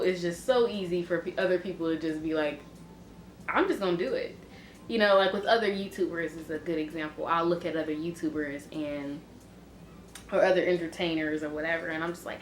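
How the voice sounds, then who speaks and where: Halting low-voiced woman vlogging in an echoey room. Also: slight background noise. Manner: halting, rambling, many restarts and fillers. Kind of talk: personal confessional vlog.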